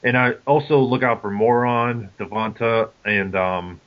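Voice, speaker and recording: A man's voice: mid-range voice, fairly even intonation, unhurried, dull audio. A man co-hosting a casual sports podcast, teasing the others and steering the talk. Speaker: podcast co-host and moderator. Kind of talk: casual chat.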